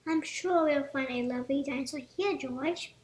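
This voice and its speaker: Sensible cartoon pig mum, soothing and high-pitched, read by a woman. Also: normal speed, darkish tone, roomy sound, close to an everyday voice.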